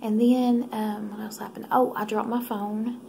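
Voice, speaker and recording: Gravelly, half-whispering woman. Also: mid-range voice, level tone, unhurried, a little hiss or hum. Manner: soft, half-whispered and rambling. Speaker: vlogger. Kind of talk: casual late-night vlog.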